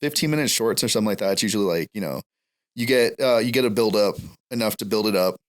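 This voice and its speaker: A man's voice: lowish voice, quick pace. A young adult man, a podcast guest, talking in a rambling casual way about his film school days. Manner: rambling, many fillers and restarts. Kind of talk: casual chat.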